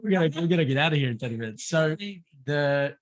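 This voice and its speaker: A man's voice: fairly high pitch, fast talker. Candid man hosting a podcast. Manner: candid, rambling, self-correcting. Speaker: host. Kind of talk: podcast conversation.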